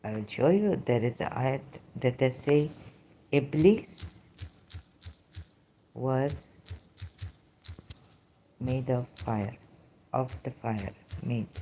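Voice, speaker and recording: Woman lecturer, low mellow voice; halting non-native English, unhurried, reading out verses. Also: slight background noise. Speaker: religious critic presenting scripture.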